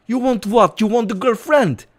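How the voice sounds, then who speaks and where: A man impersonating an eager male club insider who keeps begging a player to sign. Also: moderate pace. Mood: pleading. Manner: pleading, repetitive, high-energy sales pitch.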